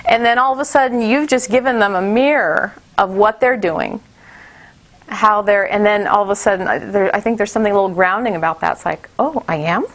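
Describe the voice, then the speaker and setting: Middle-aged woman running a teacher workshop, casual and chatty, lots of ums, mid pitch. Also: a little fast. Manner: chatty, many fillers and restarts, acts out kids' voices. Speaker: teacher trainer.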